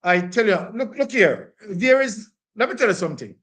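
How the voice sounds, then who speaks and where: A man's voice: high voice, big pitch swings, normal speed, fairly bright tone. A man, hosting a live-stream commentary. He talks emphatically, with many "um" fillers, and speaks to his co-host and the chat.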